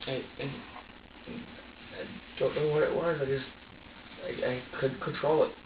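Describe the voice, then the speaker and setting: Halting man in an echoey interrogation room. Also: mid-range voice, little pitch movement. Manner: halting, repeating words, swearing, quoting himself. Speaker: suspect being questioned. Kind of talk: police interrogation recording. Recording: roomy, distant, dull with hiss.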